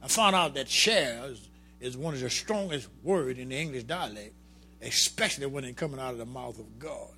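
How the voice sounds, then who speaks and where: A man preaching a sermon to his congregation, calling out to the crowd and building to shouts. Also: mid-range voice, animated, moderate pace. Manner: colloquial, drops into vernacular.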